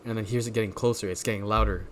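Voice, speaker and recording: Man, low voice, slangy laid-back podcast talk, faint background hiss. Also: steady tone, rapid-fire, fairly bright tone. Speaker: podcast co-host. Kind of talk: casual chat, improvised story.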